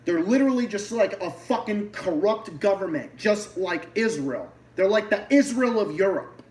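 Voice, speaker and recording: A man with a Boston accent rants about politics on a livestream, swearing freely and often restarting mid-sentence. His voice sits a little high for a man. He sounds slightly distant, as if sitting back from the microphone. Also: animated, normal speed, a little mellow. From Massachusetts. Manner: heated, profane ranting with many restarts. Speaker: livestream host.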